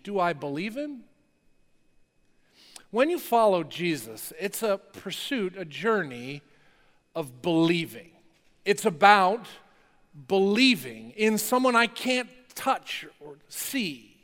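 Man, pastor, sermon, fairly high voice, chatty and playful, long echo of a church hall. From North New Jersey. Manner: conversational, lively, playful asides. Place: church chapel.

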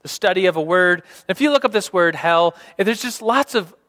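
Young male preacher, casual and rambling, high voice, long hall reverb. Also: animated, moderate pace, a bit bright. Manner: casual, rambling, many fillers and restarts. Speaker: pastor. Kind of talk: sermon. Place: church hall.

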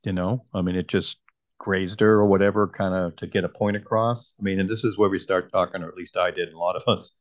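Deep-voiced man musing over theories. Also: fairly even intonation, fast talker, dry recording, highs cut off. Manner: reflective, analytical theorizing. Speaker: podcast co-host. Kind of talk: casual episode discussion.

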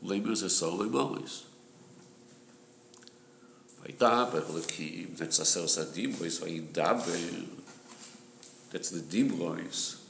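Low gravelly guy walking a study group through a text, says the same point over and over, echoey room with some hiss. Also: takes it slowly, pauses often, fairly bright tone. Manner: patient, repetitive explaining, clears throat. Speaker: Torah study group leader. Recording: echoey room with background noise.

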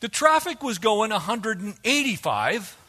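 A male preacher with a high, bright voice that swoops all over as he speaks. He is animated and slips into quoted voices to make his point. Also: a little slow, husky. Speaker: pastor. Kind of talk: sermon.

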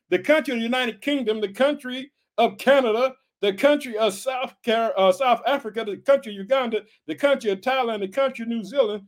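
A man from Illinois preaching an energetic podcast sermon, fervent and repetitive, calling out to his listeners again and again. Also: very high-pitched. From Illinois, United States. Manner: fervent, repetitive calls of "guess what" and "hallelujah".

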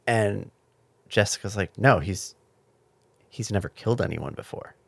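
Thoughtful man in measured casual chat. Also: lowish voice, gravelly, dry recording. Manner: measured, thoughtful, with hesitant fillers. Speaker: podcast co-host. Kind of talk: casual chat recapping a miniseries.

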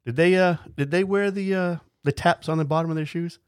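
A man's voice: a little high, smooth, no echo, clean studio sound. A man hosting a casual chat, often laughing and chiming in. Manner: laughs often, quick interjections.

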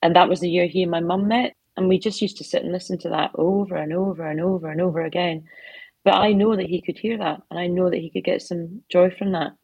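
Talking at a quick pace, a middle-aged female author in her home office gives conversational interview answers, mixing heartfelt stories with soft asides. Her voice is husky and on the low side, with fairly even intonation and no echo.

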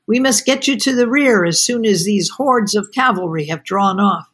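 Calm steady colonel, gentle and husky, read by a woman. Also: medium pitch, normal speed.

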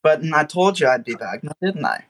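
A man playing a charming German suitor in a tabletop role-play, speaking calmly and gently flirting. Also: a little high, brisk, full character voice.

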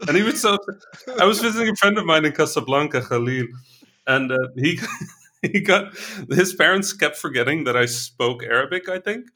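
A man's voice: fairly high pitch, lively intonation, moderate pace, sharp tone. A man co-hosting a podcast, telling a travel story in a casual chat with frequent laughs. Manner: chatty, laughs often, quotes people in his stories. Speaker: podcast co-host.

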